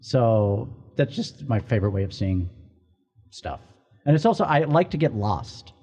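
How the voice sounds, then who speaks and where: A man in his forties co-hosting a podcast in casual, excitable chat, often restarting his sentences. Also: on the low side, a little slow, breathy edge. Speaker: podcast co-host, entertainment director. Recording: slightly dull lo-fi recording.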